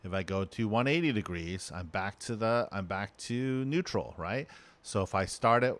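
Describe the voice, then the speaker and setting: Man, middle-aged, lecturer, low pitch, dry sound, halting delivery, frequent "right?". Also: animated, a bit bright, no echo. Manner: halting, checks in with "right?" and "okay?". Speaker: teacher. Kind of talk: recorded lecture.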